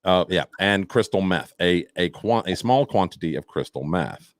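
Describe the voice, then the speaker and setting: A man co-hosting a casual podcast, joking around and reading news stories aloud with halting, stumbling delivery. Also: deep voice, lively intonation, no room sound. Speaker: podcast co-host.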